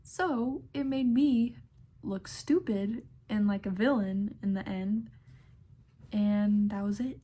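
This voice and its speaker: A sassy, exasperated young woman telling workplace stories in a vlog. She speaks at an unhurried pace, her delivery dry and amused. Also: mid-range voice, warm tone. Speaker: pharmacy technician. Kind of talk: storytime vlog narration.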